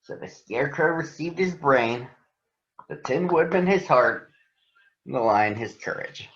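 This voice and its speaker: A man reading a children's story aloud as a storyteller, in a slow, expressive way. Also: medium pitch. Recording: roomy, dull sound.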